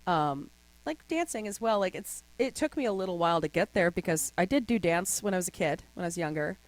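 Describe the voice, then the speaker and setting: Lively young woman chatting, dry sound. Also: on the low side, brisk, no room sound. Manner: animated storyteller, slips into voices. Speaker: guest. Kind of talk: casual podcast chat.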